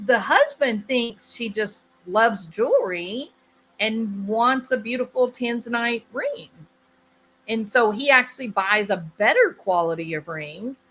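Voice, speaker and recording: A woman hosting her channel explains a topic conversationally, repeating herself and often checking in with the listener by asking "right?". Her medium-pitched voice is fairly bright, on a low-quality recording with slight background noise.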